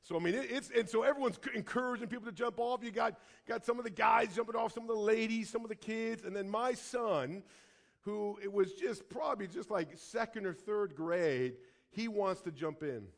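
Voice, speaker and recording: A middle-aged man preaching a sermon through a personal story, swinging from loud urgency to hushed reflection. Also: high voice, normal speed, creaky. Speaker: pastor.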